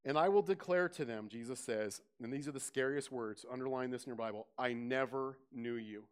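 A man's voice: medium pitch, fast, clear, resonant tone. A man preaching a sermon, asking his congregation direct questions and lifting his voice on quoted scripture. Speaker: pastor.

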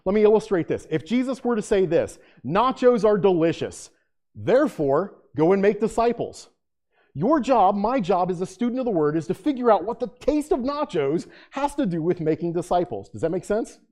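A male pastor teaching a Bible study to a live room in a conversational sermon style. His voice sits fairly high yet sounds warm and mellow. He jokes with the room, then turns hushed and earnest in prayer. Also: brisk, few pauses. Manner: joking, animated teaching with asides to the room.

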